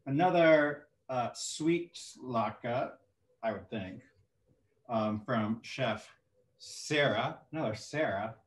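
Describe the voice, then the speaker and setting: A man's voice: mid-range voice, takes it slowly, roomy sound. A man hosting a cooking contest over a video call, chatty and jokey, with a playful, teasing way of talking. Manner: chatty, jokey, hums to himself. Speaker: host.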